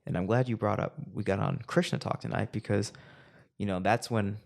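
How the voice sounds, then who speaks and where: A man's voice: lowish voice, a little fast, gravelly. A man co-hosting a casual spiritual podcast chat, laid-back and playful. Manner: laid-back, playful, slips into excited put-on voices. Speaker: podcast co-host.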